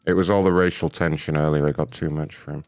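A man's voice: a bass voice, steady tone, fast, darkish tone. A man hosting a prank call show, talking in crude, mocking, rambling banter. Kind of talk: casual profane banter.

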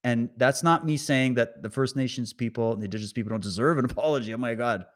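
A man's voice: medium pitch, quick pace. A man giving a heated, sarcastic and profane commentary while reacting to clips. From Canada. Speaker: online commentator. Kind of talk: ranting commentary over clips.

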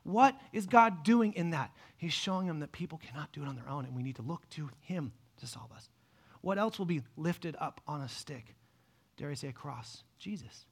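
A man preaching a sermon, animated, dropping to a hush and then rising loud as he acts out the people in the story. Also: on the high side, moderate pace, breathy edge. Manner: animated, swings from hushed to loud, acts out quoted voices. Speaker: pastor.

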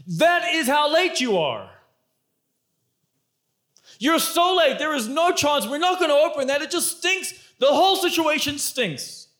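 A man's voice: very high-pitched, lively intonation, unhurried, fairly bright tone, voice pushed up, heavily acted. A man voicing Martha, an anxious, exasperated woman who complains and pleads. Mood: incredulous.

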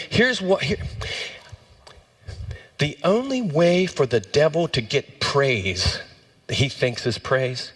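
A man's voice: a bit bright, slightly rough. A male pastor preaching a sermon with passion, his voice rising sharply for emphasis. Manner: impassioned, swings up in pitch for emphasis.

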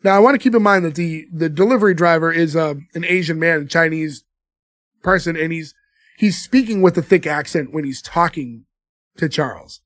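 A man's voice: fairly high pitch, moderate pace, dry recording, studio quality. A man co-hosting a casual movie podcast, retelling scenes and laughing often. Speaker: podcast co-host. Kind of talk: casual movie-review chat.

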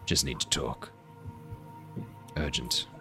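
A man's voice: very deep voice, fairly even intonation, slow, over music, pitched below the performer's own voice. A man voicing a terse, wary male elf ranger who speaks in clipped few-word sentences. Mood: curt.

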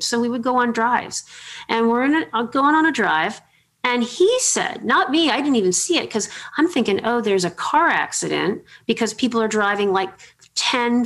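Chatty middle-aged woman hosting. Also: fairly high pitch. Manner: chatty, animated anecdotes with many fillers. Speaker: podcast host. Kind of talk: casual storytelling interview.

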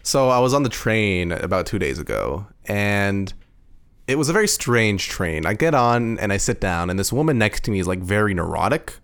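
A man co-hosting a podcast, chatting casually and joking, telling stories with lively delivery. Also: lowish voice, normal speed, clear, resonant tone. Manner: joking, animated storytelling. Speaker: podcast co-host. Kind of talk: casual chat.

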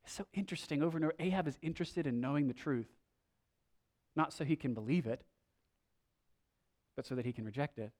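A man's voice: a little high, fast, long pauses, darkish tone. A male pastor preaching a sermon in a conversational way, with wry asides.

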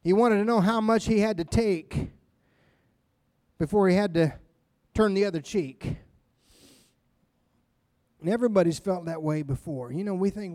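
High-voiced man preaching a sermon. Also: normal speed, long pauses, warm tone, no echo, clean studio sound. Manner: emphatic, conversational preaching with repeated phrases. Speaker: pastor.

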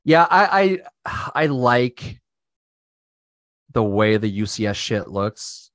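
A man's voice: medium pitch, very animated, slow, a bit bright, no echo, studio quality. A man co-hosting a podcast in casual chat, rambling with many restarts and swearing freely. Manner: rambling, profane, lots of restarts. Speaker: podcast co-host.

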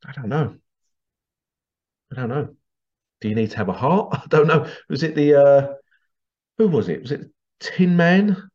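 A man's voice: fairly high pitch, a little mellow, dull audio. A man hosting a podcast monologue, ranting in an indignant, sarcastic way and swearing casually. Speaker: podcast host.

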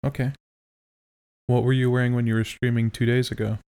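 A man's voice: medium pitch, level tone, fairly quick, a little mellow, clear, resonant tone. A man co-hosting a podcast, chatting casually with a teasing, joking manner. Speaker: podcast co-host. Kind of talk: casual chat.

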